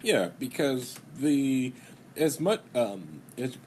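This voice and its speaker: A man co-hosting a podcast in casual chat, making dry, deadpan quips. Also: mid-range voice, takes it slowly, a little hiss or hum. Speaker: podcast co-host.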